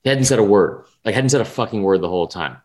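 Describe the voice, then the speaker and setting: A man's voice: on the low side, animated, fast talker, a little mellow. A young man co-hosting a casual sports betting podcast, talking in a rambling, profane way full of restarts and fillers. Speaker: podcast co-host.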